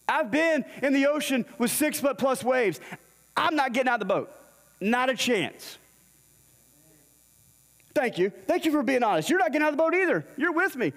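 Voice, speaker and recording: Extremely high in pitch and a bit bright, a man's voice carries through a church sanctuary with long hall reverb. He preaches a sermon built on a scripture story, acting out what each character says.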